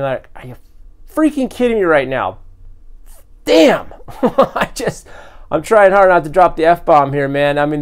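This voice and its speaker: A man hosting a toy collecting vlog, unboxing custom figures with loud, gushing excitement and frequent exclamations. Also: a little high, clear, resonant tone. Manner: breathless from excitement.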